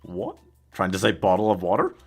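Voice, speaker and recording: Deep-voiced man streaming, coughing. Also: huge pitch swings, brisk, gravelly, breathy edge, faint music behind. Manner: chatty, laughs often, reads out viewer messages. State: coughing, ill. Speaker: live streamer. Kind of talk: casual live gaming stream chat.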